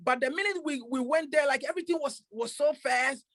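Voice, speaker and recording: A professional boxer telling a story in a casual interview, rambling with many fillers and restarts. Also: male voice, very high-pitched, a little fast, vocal fry, a bit bright, no room sound.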